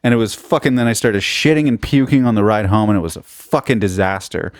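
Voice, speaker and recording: A man's voice: lowish voice, a little fast, no room sound, clean studio sound. A young man hosting a solo podcast, rambling and swearing constantly, mocking himself as he jumps between topics. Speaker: podcast host.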